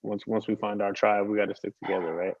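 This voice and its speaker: A man's voice: lowish voice, level tone, fast talker, vocal fry, darkish tone, breathy edge. A man hosting a casual interview, upbeat and affirming toward his guest. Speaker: host. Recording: dull lo-fi audio.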